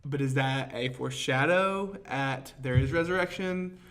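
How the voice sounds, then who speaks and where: A young man co-hosting a casual podcast, upbeat and jokey, talking quickly with restarts. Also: mid-range voice, a bit bright. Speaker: podcast co-host. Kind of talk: casual chat. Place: indoors at a table, face to face.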